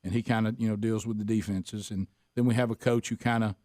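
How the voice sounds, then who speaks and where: Animated male radio co-host telling stories. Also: fast talker, no echo, clean studio sound. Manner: animated, acts out quoted exchanges with leaps in pitch. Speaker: radio show co-host and lacrosse coach. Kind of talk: casual storytelling chat.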